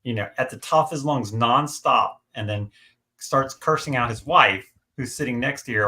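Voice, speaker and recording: A middle-aged man telling stories in a casual live chat, animated and full of fillers. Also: medium pitch, moderate pace. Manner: chatty, animated storyteller, many fillers and restarts. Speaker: guest on a livestream.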